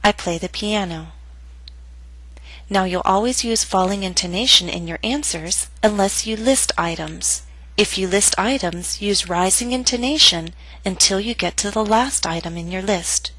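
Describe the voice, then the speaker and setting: Lesson narrator: woman, bright and slightly husky, dry close mic, careful model readings. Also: mid-range voice, no echo, poor audio. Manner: slow, clearly enunciated model readings. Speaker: English pronunciation teacher. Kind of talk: scripted instructional narration.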